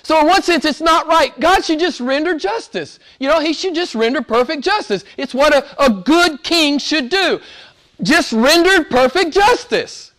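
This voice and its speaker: High-pitched emphatic male preacher. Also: animated, moderate pace. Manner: swings between loud emphatic peaks and hushed near-whispers; repeats phrases, asks the audience rhetorical questions. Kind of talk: sermon.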